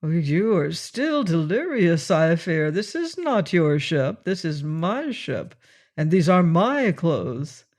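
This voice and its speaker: A man voicing a sardonic, self-assured Irish pirate captain who speaks with dry, mocking calm. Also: on the high side, takes it slowly, exaggerated voice. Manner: dry, mocking, calmly confident.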